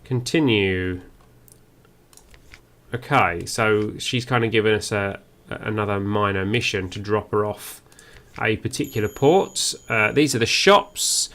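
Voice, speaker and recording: A man's voice: on the low side, a little slow, a bit bright. A man giving first-play game commentary, musing aloud and reading on-screen text as he goes. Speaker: game streamer.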